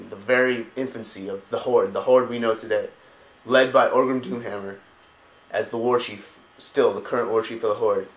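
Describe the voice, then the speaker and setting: Man, casual game-lore retelling, slangy and excitable, medium pitch, echoey. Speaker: lore video host. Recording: echoey room.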